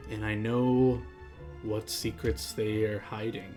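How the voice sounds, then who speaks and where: A man voicing a cheerful, sly tiefling woman scholar in a tabletop game, with a theatrical, drawn-out delivery. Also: fairly low pitch, level tone, music in the background. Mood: sly, welcoming.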